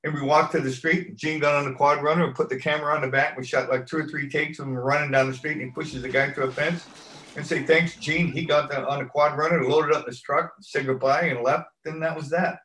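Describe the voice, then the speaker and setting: A man's voice: a little high, fairly even intonation, a little fast, fairly bright tone, roomy sound, low-quality recording. A man in an interview telling a long story at an easygoing ramble, acting out what people said. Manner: rambling anecdotal delivery, acts out quoted lines. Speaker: stunt coordinator, interview guest.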